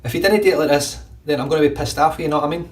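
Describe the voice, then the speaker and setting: A man putting on a loud, nasal Glaswegian bloke. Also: rapid-fire, far from the mic, lightly acted. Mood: teasing. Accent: exaggerated Glaswegian. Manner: loud, high and pushy.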